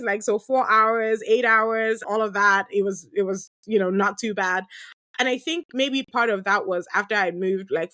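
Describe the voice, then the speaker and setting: A woman's voice: medium pitch, dry recording. A woman in her thirties, a podcast host, telling candid stories in a chatty way, laughing often and filling her talk with asides. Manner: lively, chatty, laughs often, many fillers. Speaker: podcast host answering listener questions. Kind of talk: candid conversational storytelling.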